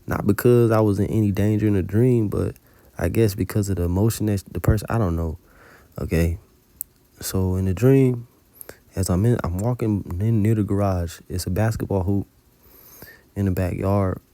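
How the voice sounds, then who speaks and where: At normal speed and with a steady, warm tone, a man with a voice on the low side recounts a dream as a religious teacher's informal testimony. His storytelling is colloquial and thick with profanity, and the audio has no echo.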